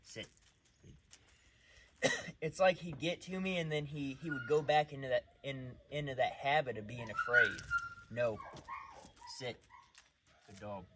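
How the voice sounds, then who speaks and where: Working a dog outdoors at night, a dog trainer with a mid-range voice chats casually, blending loose explanations with short, firm commands.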